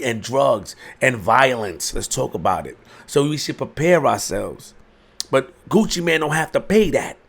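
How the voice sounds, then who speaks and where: Man, gravelly voice, emphatic commentary, preachy, rhetorical questions. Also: fairly high pitch, fairly bright tone. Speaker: commentary host. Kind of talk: opinion commentary monologue.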